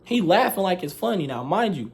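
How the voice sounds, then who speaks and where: A young man, casually retelling a school story, animated, slangy and profane. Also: sits high, fairly quick, gravelly. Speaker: vlogger telling a story.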